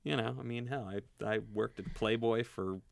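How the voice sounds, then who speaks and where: A man's voice: mid-range voice, normal speed, creaky. A middle-aged man hosting a casual interview, telling stories and swearing freely. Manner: storytelling, swears freely, acts out quoted people. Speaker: interview host.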